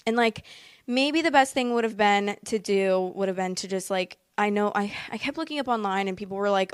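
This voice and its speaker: A woman's voice: mid-range voice, normal speed, clear, resonant tone, no echo, clean studio sound. A woman telling a personal story in a casual, rambling way, packed with fillers and emotional asides. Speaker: vlogger.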